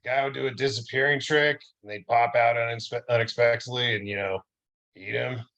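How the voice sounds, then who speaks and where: A man's voice: medium pitch, steady tone, normal speed, a bit bright, lo-fi sound, natural voice. A man voicing a weary, unfazed nightclub owner in a dry, matter-of-fact way. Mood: deadpan.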